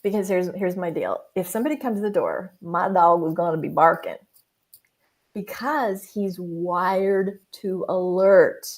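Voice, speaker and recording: A woman author and business mentor, a guest on a video call from a closed office, talking in an animated way and acting out inner voices in little quoted asides. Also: lowish voice, a little slow. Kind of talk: animated interview talk. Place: home office with the door closed.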